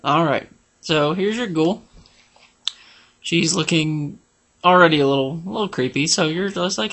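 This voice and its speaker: A man narrates a game walkthrough with casual, rambling commentary, joking and humming or singing tunes as he plays. His voice is fairly high and a bit bright, with vocal fry and a moderate pace.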